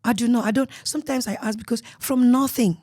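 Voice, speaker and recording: A woman with a Cameroonian accent telling her life story as an interview guest, earnest and emotional, often dropping to a soft murmur. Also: a little high, quick pace, no echo.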